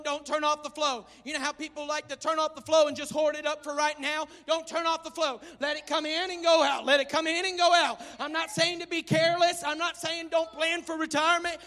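A male pastor preaches in a strikingly high, bright voice. He drops to a hushed tone for Scripture, then builds to shouted exhortation. His voice rings through a church with a long, hanging reverb. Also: monotone, a little fast, hardly any pauses. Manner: swings from quiet reading to shouted preaching. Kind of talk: sermon. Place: church sanctuary.

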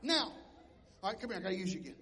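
A man pastor preaching a sermon, telling stories and moving between quiet asides and loud shouted points. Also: sits high, racing, long reverb tail, noisy background. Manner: animated storytelling preacher who swings between soft asides and shouting.

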